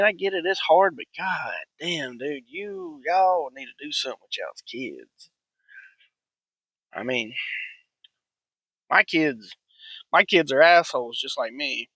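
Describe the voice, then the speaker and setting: A man's voice: on the high side, sharp tone, no room sound, highs cut off. A man, hosting a profane, blunt, rambling monologue. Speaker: podcast host. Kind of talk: ranting monologue.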